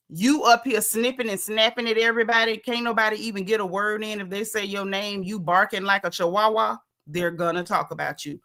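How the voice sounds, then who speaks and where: A woman's voice: medium pitch, pushed and bright. A woman hosting a live stream, chatting casually and bluntly about a reality show and greeting viewers in the chat. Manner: chatty and opinionated, heavy on "you know" and "like".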